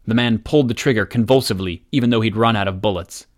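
A man narrating an action story aloud as an audiobook reader, in a steady, measured way. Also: on the low side. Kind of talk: scripted narration.

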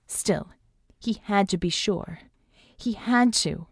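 A woman's voice: mid-range voice, takes it slowly, vocal fry, no echo, studio quality. A woman narrating an audiobook in a tense, dramatic reading. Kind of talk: scripted narration.

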